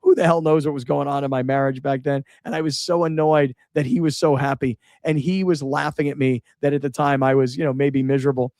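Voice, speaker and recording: A middle-aged man hosting a radio show, remembering a late friend in halting speech that repeats words and shifts between sadness and laughter. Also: mid-range voice, steady tone, a little mellow, no room sound, clean studio sound. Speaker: radio host. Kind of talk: emotional on-air remembrance.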